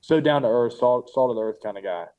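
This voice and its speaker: A teenage man speaking as an interview guest, telling relaxed stories with fillers and restarts. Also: mid-range voice, fast talker, muffled recording, crowd noise. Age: teens. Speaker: guest, pro baseball player. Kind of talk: casual interview chat.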